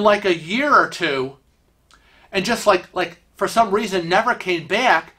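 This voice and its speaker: A man's voice: high voice, expressive, unhurried, sharp tone. A man hosting a show, telling funny stories in a chatty way and laughing along. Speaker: host. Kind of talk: casual storytelling.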